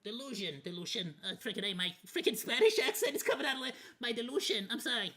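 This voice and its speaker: A man's voice: extremely high pitch, big pitch swings, quick pace, pushed and bright. A man streaming a watch party, rambling through casual commentary in a candid, loosely profane way. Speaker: VTuber streamer.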